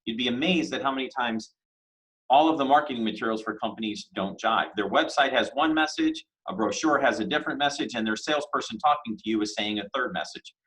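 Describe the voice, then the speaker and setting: A man teaching a casual business lesson, talking conversationally with rhetorical questions and lively emphasis on key words. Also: mid-range voice, a little fast, poor audio. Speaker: business instructor.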